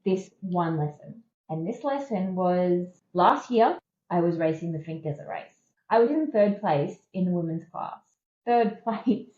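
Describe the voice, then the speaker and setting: A woman's voice: on the low side, animated, measured pace, dark tone, roomy sound, muffled recording. Candid Australian woman telling her story. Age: 30s. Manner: candid, conversational, emphatic repetition. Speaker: podcast host. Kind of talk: personal storytelling.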